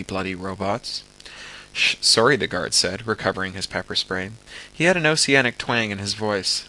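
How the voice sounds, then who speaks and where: Gravelly man reading a story aloud. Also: lowish voice, rough recording. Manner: steady reading with occasional stumbles. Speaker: narrator. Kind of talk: amateur audiobook reading.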